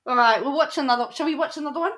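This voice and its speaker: A woman's voice: sits high, rapid-fire, a bit bright. A woman host reacting to clips in casual chat, laughing often.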